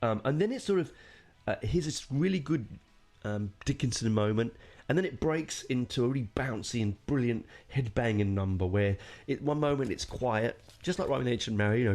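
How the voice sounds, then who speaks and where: A man's voice: medium pitch, lively intonation, moderate pace, a little mellow. A man hosting a podcast, reviewing a metal album in a casual, rambling way, enthusiastic, with plenty of fillers and casual swearing.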